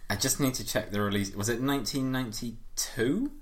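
A man's voice: mid-range voice, fairly quick. A man hosting a casual podcast, hesitant with many ums and given to dry remarks. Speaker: podcast host.

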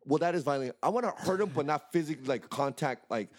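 A man's voice: fairly high pitch, animated, fast. A man telling a heated, rambling story on a podcast, swearing freely. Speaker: podcast co-host. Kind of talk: casual chat, storytelling.

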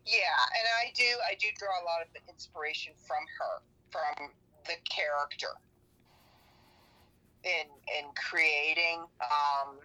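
A woman's voice: low voice, measured pace, sharp tone. A woman podcaster and writer chatting casually as a guest, laughing often, heard over a phone line.

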